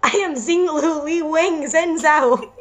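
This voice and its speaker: An overly formal, stiffly polite schoolgirl, as a woman reading aloud puts her on. Each word comes out careful and measured in a raised pitch. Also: fairly bright tone.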